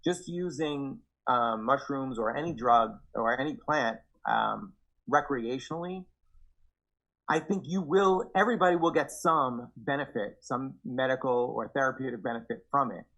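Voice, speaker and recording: A young man with a husky, slightly breathy voice talks earnestly in a casual podcast chat. He speaks with reflection and turns animated when he acts out his own past words. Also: mid-range voice, normal speed, highs cut off. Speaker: podcast guest. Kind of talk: casual conversation.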